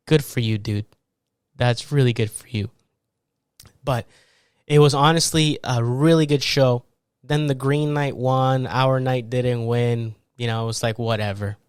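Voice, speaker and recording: Animated man telling a story on a podcast. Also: medium pitch, smooth, dry recording, studio quality. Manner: animated, acts out people with loud laughs and shouts. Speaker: podcast host. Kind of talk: casual storytelling monologue.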